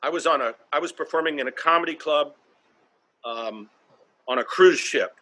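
A man's voice: on the high side, moderate pace, pushed and bright. A man who does stand-up comedy, telling blunt stories from the stage and swearing freely in a casual interview. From North Carolina, US.

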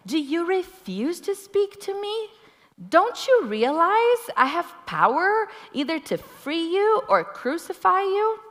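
A woman's voice: very high-pitched, sing-song, slow, fairly bright tone, long reverb tail, voice pushed up, heavily acted. A woman voicing an anxious male Roman governor, pressing his prisoner with raised, urgent questions.

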